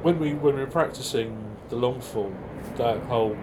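A man with a middle-of-the-road pitch chats casually as an interview guest. He talks in quick, self-deprecating bursts and often restarts his sentences. A faint hum of background noise sits under his voice. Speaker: improv performer guest.

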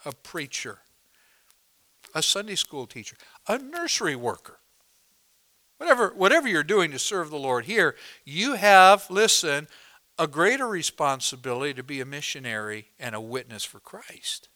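A man preaching a sermon as pastor, swinging between hushed moments and loud, emphatic climaxes. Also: on the high side, big pitch swings, normal speed.

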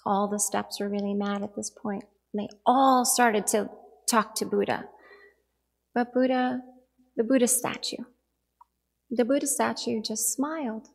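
A woman in her forties gives an earnest dharma talk, weaving a family story into a teaching. Her voice sits a little high, with a gravelly, husky edge. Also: steady tone, slow, pauses often.

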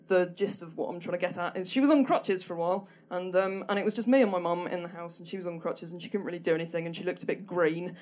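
A young woman telling a stand-up story on stage, hesitant and rambling, full of ums and restarts, with a dry, self-deprecating humour. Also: lowish voice. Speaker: stand-up performer. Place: small comedy venue stage.

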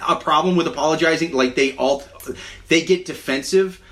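A man co-hosting a comedy podcast in casual chat, animated and quick to act out voices in quotes, from the Midwest. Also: on the high side.

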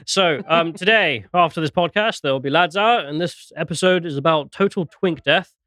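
A man's voice: fairly high pitch, normal speed, a bit bright, no echo, clean studio sound. A young British man hosting a casual podcast, chatty and self-mocking, often laughing at himself. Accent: British English. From Britain. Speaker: podcast host.

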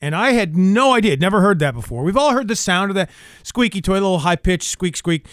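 A man filling in as co-host on a radio show, telling wry little stories in a relaxed, casual way. His voice sits a bit higher than most men's. The studio sound is dry and close. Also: fairly quick, no echo. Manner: storytelling, wry.

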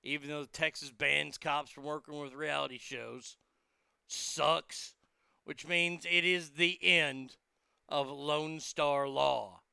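Male host, profane rambling monologue, gravelly and bright, slightly high, dry close sound. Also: steady tone, takes it slowly, no echo.

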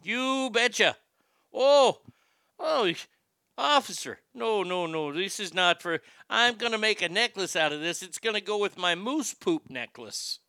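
A man's voice: high-pitched, normal speed, gravelly, bright, forceful tone, clear, resonant tone, no room sound, studio quality, exaggerated voice. A man voicing a chirpy, folksy Upper Midwest woman who talks in a sing-song, overly polite way.

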